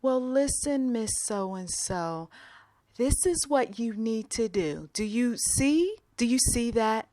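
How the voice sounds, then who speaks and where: A woman voicing a patronizing young woman who talks down to an older person in a slow, overly sweet, condescending way. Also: a little high, expressive, warm tone, dry recording, pitched above the performer's own voice.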